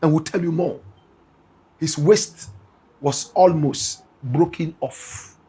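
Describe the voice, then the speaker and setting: A Ghanaian-accented man delivers emphatic gossip news commentary in a fairly high voice. His voice is very husky and gravelly. He keeps calling out to his audience directly. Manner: emphatic, repeatedly addresses listeners as "my brother, my sister".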